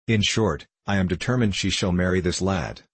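A man's voice: sits low, normal speed, breathy edge, dry recording. A man reading a bullying old-time squire. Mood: domineering. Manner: domineering, scolding. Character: blustering bullying country squire, male, middle-aged. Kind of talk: audiobook character reading.

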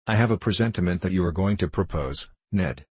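A man reading the lines of a proud, aloof young woman in a storybook, in a cool, gently reproving manner. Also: deep voice, animated, fairly quick, husky, no room sound.

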